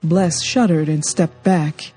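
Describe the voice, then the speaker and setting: A woman narrates a novel in a measured, expressive audiobook reading. Her voice sits a little low, with a dark and mellow tone. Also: husky, faint music behind.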